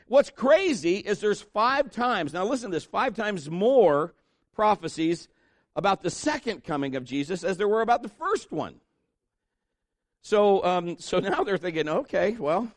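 A man's voice: on the high side, no echo, clean studio sound. A middle-aged male pastor preaching a sermon in a conversational, joking way, with asides to the congregation.

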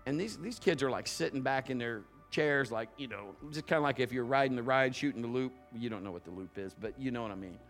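A male pastor preaching a sermon in a conversational storytelling way, building to loud emphatic bursts. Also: mid-range voice, fast talker, few pauses, faint music behind.

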